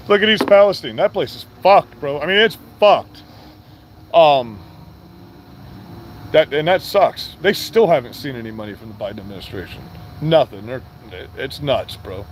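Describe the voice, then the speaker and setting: A man's voice: medium pitch, slight background noise. A middle-aged man from Florida, ranting bluntly and profanely in a casual vlog. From Florida, USA. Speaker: vlogger. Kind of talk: casual rant to camera.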